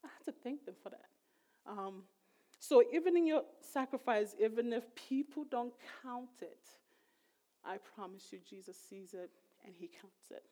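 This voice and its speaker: A woman's voice: on the high side, lively intonation, unhurried, dark tone. A middle-aged woman giving a sermon in a conversational, emphatic way. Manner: conversational, emphatic, voice rising sharply when retelling emotional moments. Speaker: preacher.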